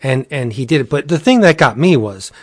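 A man co-hosting a casual podcast chat, earnest and halting with many restarts. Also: medium pitch, lively intonation, breathy edge, dry recording, studio quality. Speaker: podcast co-host.

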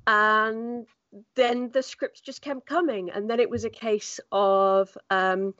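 A woman's voice: on the high side, steady tone, slow pace, a bit bright, no echo, lo-fi sound. A woman voice actor chatting as a podcast guest, telling stories and acting out quoted voices. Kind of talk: casual podcast chat.

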